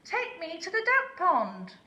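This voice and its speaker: A woman voicing a lazy young male owl who whines and squeals in high, frantic cries. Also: huge pitch swings, slow pace, pushed and bright, full character voice.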